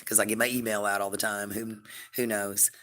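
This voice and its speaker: A woman hosting a casual live stream, rambling and chatty, full of fillers and warm toward her viewers. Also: rumbling low, flat delivery, a little fast.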